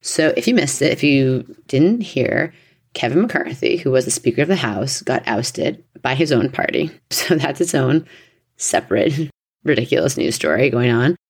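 A woman's voice: a bass voice, expressive, moderate pace, breathy edge. A woman in her thirties hosting an astrology podcast, chatty and rambling off on tangents. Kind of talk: casual podcast chat.

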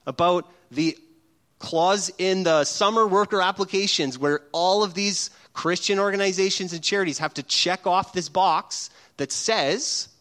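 A middle-aged pastor delivers a sermon in a notably high voice for a man. He is animated and playful, and often slips into acted-out scenes to make his point. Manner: animated and humorous, acting out little scenes.

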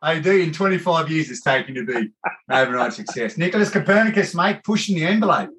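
An Australian man hosting a casual podcast chat. He tells animated, rambling stories and calls people "mate" often. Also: fairly high pitch, fast talker, a little hiss or hum. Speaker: podcast host.

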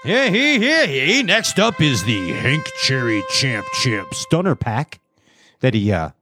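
A man's voice: mid-range voice, very animated, slow, over music. A man hosting a casual show, joking around, riffing and scatting between giveaways. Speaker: show host. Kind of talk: casual livestream show banter.

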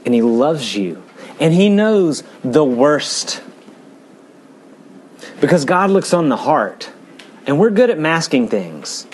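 In a church, a male pastor delivers an earnest sermon, alternating between rapid, emphatic bursts and low, hushed passages. He is highly animated, and there is faint hiss or hum in the recording.

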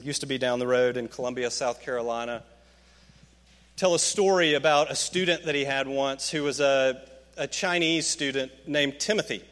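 A man preaching a sermon, swinging from hushed, slow lines to emphatic, rising peaks. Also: big-room sound. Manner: emphatic, rising to fervent peaks, dropping low and slow for quoted words. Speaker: pastor.

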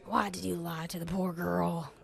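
A woman's voice: lowish voice, little pitch movement, normal speed, heavily acted. A woman with a Southern US accent playing an old, toothless, chain-smoking diner waitress who is blunt and sarcastic. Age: older. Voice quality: raspy, gravelly. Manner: blunt and sarcastic, sometimes muttering under her breath.

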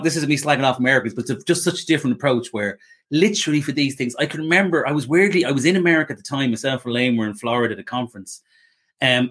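Irish male podcast host, mid-pitched, rapid and chatty, quick to joke and tease. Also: fairly bright tone, husky. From Ireland. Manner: joking, chatty, teasing. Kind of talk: casual interview chat.

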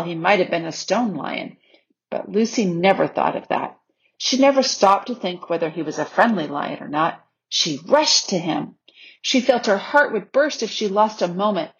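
Husky woman reading a storybook. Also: mid-range voice. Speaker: audiobook reader. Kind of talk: storybook narration. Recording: slightly dull lo-fi recording.

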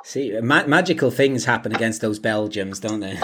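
A man's voice: medium pitch, fairly bright tone, husky. A man co-hosting a casual podcast, rambling with many fillers and restarts and laughing often. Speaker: podcast co-host. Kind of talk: casual chat.

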